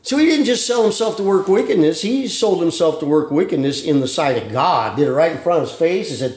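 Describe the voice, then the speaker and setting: A pastor preaches in a high voice, folksy and plainspoken, with slang and quick asides. The sound rings in an echoey church room. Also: male voice, animated, a little mellow. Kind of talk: sermon.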